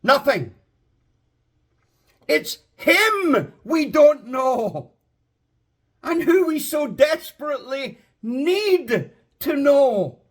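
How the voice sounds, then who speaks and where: Preacher, male, very high voice, slow impassioned delivery that swells to shouting. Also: very animated. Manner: slow, drawn-out emphasis. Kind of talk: sermon.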